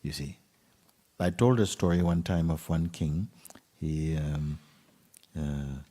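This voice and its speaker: A man, a spiritual teacher, telling a fable to an audience in an unhurried way, with pauses, sometimes dropping to a hushed whisper. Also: rumbling low, big-room sound. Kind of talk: storytelling talk to an audience.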